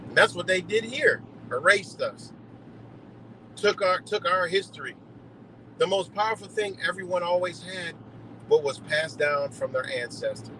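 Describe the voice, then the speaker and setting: A man's voice: a little high, a bit bright, slight background noise, low-quality recording. A man ranting heatedly and profanely in a rambling live monologue, streaming from a car on the road. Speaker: livestreamer.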